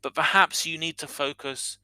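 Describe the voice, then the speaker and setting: Bright, crisp male English teacher. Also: a little high, steady tone, normal speed, dry recording, low-quality recording. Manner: clear, explanatory, demonstrates sounds. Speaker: English teacher and podcast host. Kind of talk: scripted educational podcast monologue.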